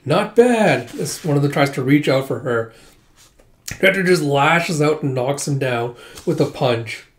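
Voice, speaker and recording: A man's voice: mid-range voice, unhurried. A man casually retelling a comic book aloud, chatty and laughing often as he goes. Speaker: manga reader. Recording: roomy echo.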